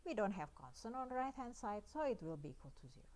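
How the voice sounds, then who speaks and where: A woman's voice: medium pitch, sing-song, fast, darkish tone. A woman with an Indonesian accent giving a recorded math lecture, working through each step and often checking in with "yeah" and "right?".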